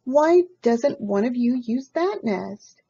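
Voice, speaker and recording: A scheming tomcat coaxes and schemes in a mellow, husky voice, as a woman reading a storybook acts him out. The recording is dull and lo-fi. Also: fairly high pitch, animated, takes it slowly, full character voice. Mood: coaxing. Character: scheming male cat, wants eggs.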